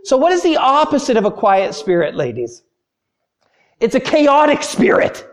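A man preaching a sermon to women, telling stories with lively acted-out voices and slowing down softly on key phrases. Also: extremely high pitch. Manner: animated storyteller, acts out panicked voices; slows and softens on key phrases.

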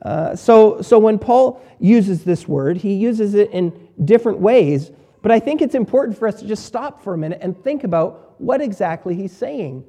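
A man preaching a sermon as pastor, emphatic, repeating key words and swinging between quiet and loud. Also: high-pitched, animated, moderate pace, hardly any pauses.

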